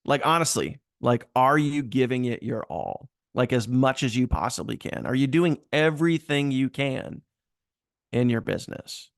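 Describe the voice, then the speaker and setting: A man's voice: medium pitch, animated, moderate pace, vocal fry, no echo, clean studio sound. A man hosting a casual, filler-heavy motivational talk about working harder in business. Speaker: host.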